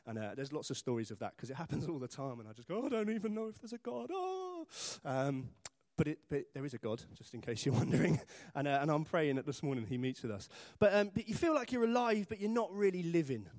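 A man's voice: fairly high pitch, fast talker, hardly any pauses, a little mellow, no echo, clean studio sound. A man from Britain preaching a sermon in church, chatty and self-deprecating, acting out little voices for humor.

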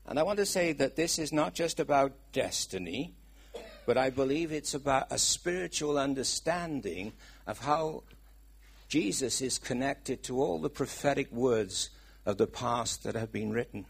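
Welsh guy preaching, kinda husky, keeps asking the crowd stuff, middle aged. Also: mid-range voice, normal speed. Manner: chatty, asks the congregation questions. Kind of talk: sermon.

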